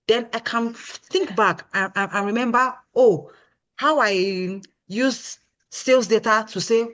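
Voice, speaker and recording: A woman's voice: on the high side, slow pace, a bit bright. A woman guest in an interview, a product consultant explaining her approach emphatically and often asking "you understand?". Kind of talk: casual interview answer.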